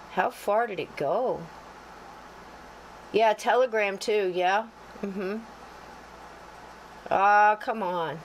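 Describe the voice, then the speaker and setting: A woman's voice: mid-range voice, slight background noise, rough recording. Chatty woman livestream host. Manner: chatty, talks to herself while fumbling with tech; folksy and jokey, greets viewers warmly by name. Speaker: podcast co-host. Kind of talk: casual livestream chat.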